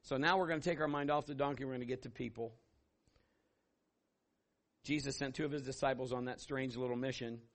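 A middle-aged man preaching a sermon as pastor, telling stories and acting out voices with sudden loud bursts. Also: mid-range voice, steady tone, a little fast, pauses often.

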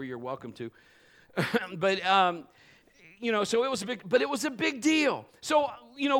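Middle-aged male preacher, high ringing tone, emphatic live-sermon delivery. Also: sharp tone. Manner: emphatic preaching, building to fervent exhortation. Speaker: pastor. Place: church service.

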